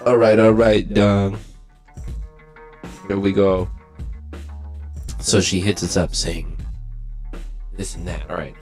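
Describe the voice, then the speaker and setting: Deep-voiced man in loose profane chat. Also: little pitch movement, takes it slowly, long pauses, darkish tone, faint music behind. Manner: loose, rambling, self-deprecating, lots of fillers and swearing. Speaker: podcast host. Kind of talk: casual, profane podcast chat.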